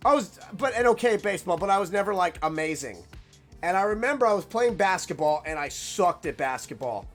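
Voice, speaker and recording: A young man telling a casual, rambling story, animated and full of "like" fillers. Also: sits high, fairly quick, soft background music.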